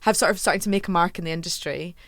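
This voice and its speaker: A Scottish woman hosting a casual podcast chat, chatty and quick to laugh at herself. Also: fairly low pitch, no room sound, clean studio sound. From Scotland. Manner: chatty, laughs often, self-mocking asides. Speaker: podcast host.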